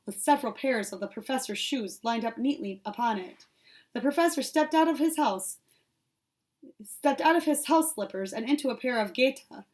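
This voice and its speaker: A woman's voice: fairly high pitch, darkish tone. A woman reading a children's novel aloud, reading steadily and correcting her small slips as she goes. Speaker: audiobook reader.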